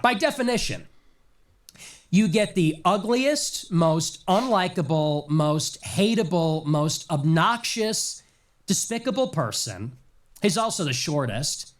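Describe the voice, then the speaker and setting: A man's voice: high-pitched, animated, takes it slowly. A man giving a sarcastic, mocking political commentary monologue, fighting a lingering cough and leaning hard on emphatic lists. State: nagging cough.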